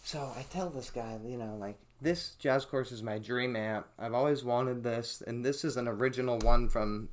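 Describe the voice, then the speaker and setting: A man's voice: medium pitch, moderate pace, few pauses, slight background noise. A young man hosting a podcast, telling a story casually and profanely and acting out what people said. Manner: profane, animated storytelling, acts out quotes. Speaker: podcast host.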